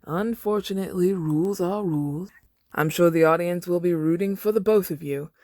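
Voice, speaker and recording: A woman reading aloud, voicing a flamboyant male TV interview host in a showy, drawn-out announcer manner. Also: fairly low pitch, warm tone, dry recording, studio quality, voice pushed up, close to an everyday voice.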